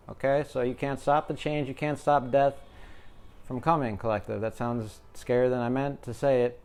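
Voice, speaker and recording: A man's voice: medium pitch, fairly even intonation, normal speed, a little mellow. A man giving a casual, jokey tarot reading, talking to his viewers as the collective. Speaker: tarot reader. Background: music.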